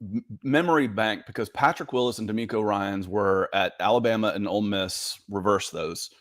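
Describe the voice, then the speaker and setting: Animated sports podcast co-host, dry sound. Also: male voice, fairly low pitch, normal speed, dry recording. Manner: animated storyteller, reads viewer comments aloud. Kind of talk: casual live-stream sports chat.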